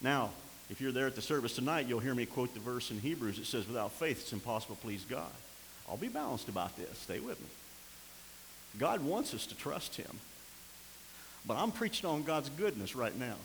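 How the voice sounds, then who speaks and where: An older man preaching a sermon as pastor, swinging from impassioned near-shouts down to quiet, low storytelling. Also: very animated, normal speed. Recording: long hall reverb with faint hiss.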